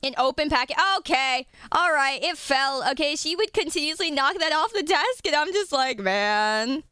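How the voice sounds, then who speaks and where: Giggly high-voiced woman streamer. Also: normal speed, bright, forceful tone, no room sound, clean studio sound. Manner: giggly, chatty, swears casually. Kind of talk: casual live-stream chat.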